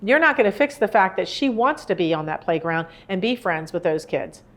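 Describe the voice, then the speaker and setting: A woman's voice: on the low side, fairly quick. Earnest woman in her sixties. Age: 60s. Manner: conversational, rambling, earnest. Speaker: grief speaker. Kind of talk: live talk to an audience. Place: indoor room with a live audience.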